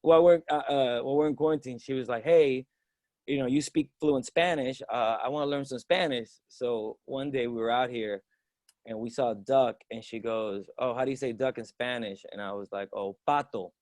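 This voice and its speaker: A young man from the Dominican Republic doing a loose, animated stand-up set from his home balcony, acting out quoted voices. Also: medium pitch, moderate pace, dry recording. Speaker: stand-up comic. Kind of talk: stand-up set on a video stream.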